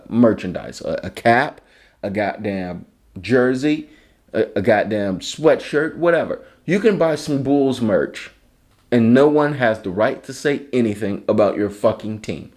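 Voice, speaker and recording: A man from Chicago rants alone on his podcast, sarcastic and swearing constantly. His voice sits at an ordinary middle pitch for a man. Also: a little mellow. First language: English. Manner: profane, ranting, sarcastic. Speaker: podcast host. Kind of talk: solo comedic rant.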